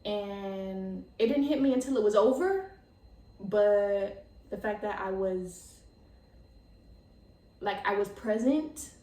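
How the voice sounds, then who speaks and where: A young woman in her twenties hosting her own podcast, excitable and chatty, full of "like" and laughs. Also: mid-range voice, roomy sound, recorded from a distance. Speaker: podcast host. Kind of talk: casual chat.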